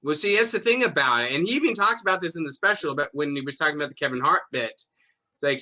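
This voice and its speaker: A man's voice: a little high, fast, bright, forceful tone. A man hosting a podcast, ranting emphatically and swearing freely in a casual chat. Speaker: podcast host.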